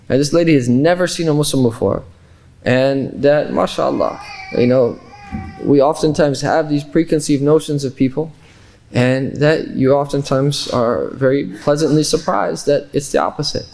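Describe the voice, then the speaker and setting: A man from Kansas City, Missouri, teaching a religious class at a middle pitch. He talks in an easygoing, conversational way, drifting into stories and restarting his sentences. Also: moderate pace, gravelly, a little mellow. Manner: conversational, loose with restarts and fillers. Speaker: Islamic teacher. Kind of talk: classroom lecture with anecdotes.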